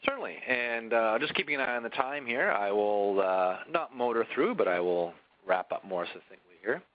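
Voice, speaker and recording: A man from a software vendor presenting a webinar in a conversational way, often tagging his points with "right?" and restarting his sentences. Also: medium pitch, lively intonation, moderate pace, muffled recording.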